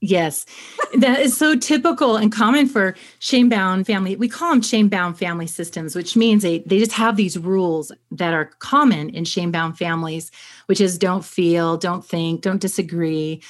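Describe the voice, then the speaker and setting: A woman therapist explaining ideas in conversation, steady and clear, acting out quick examples. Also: lowish voice.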